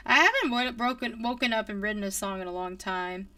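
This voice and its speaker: A woman's voice: fairly high pitch, fairly quick, pushed and bright, no echo, recorded from a distance. A young woman, a singer-songwriter, chatting casually with her livestream viewers, rambling with lots of fillers.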